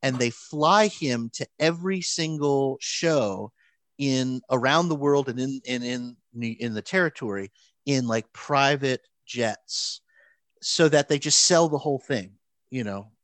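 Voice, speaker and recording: A man telling a long story in casual chat, animated, with frequent restarts and fillers. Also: medium pitch, unhurried, dry recording.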